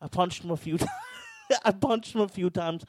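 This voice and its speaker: A man's voice: high voice, normal speed. A man casually telling a wild, crude story on a podcast, swearing freely. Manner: crude, profane, animated storyteller.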